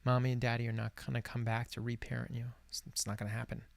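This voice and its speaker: Man, late 40s, self-help host, gravelly, earnest reflective delivery, dry close sound. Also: mid-range voice, little pitch movement, fast, dry recording. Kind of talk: guided reflection. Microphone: camera recording alone.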